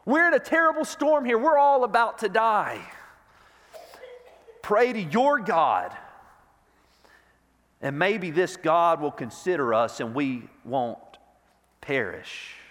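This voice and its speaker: Preacher voicing a gruff, panicked ship captain. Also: male voice, high-pitched, animated, takes it slowly, long pauses, fairly bright tone, voice pushed down, heavily acted. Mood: urgent. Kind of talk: acted quote in a sermon. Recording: long reverb of a large hall.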